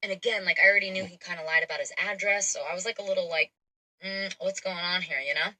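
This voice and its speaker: A woman's voice: lowish voice, very fast, low-quality recording. A young woman telling a dating story in a casual, chatty way, full of fillers. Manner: chatty, animated, frequent fillers. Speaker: storyteller in a played clip.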